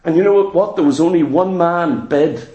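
A man's voice: a little high, moderate pace, mellow, highs cut off. A man preaching a sermon, telling a story with emphatic repetition. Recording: echoey hall.

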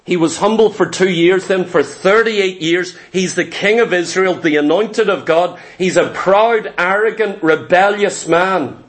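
A man's voice: high voice, unhurried, hardly any pauses. A man preaching a sermon as pastor, emphatic, with rhetorical questions and repeated words as he starts his phrases.

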